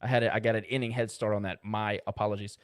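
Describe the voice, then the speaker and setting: A man co-hosting a casual sports podcast, rattling off box-score stats with quick asides. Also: lowish voice, little pitch movement. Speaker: podcast co-host.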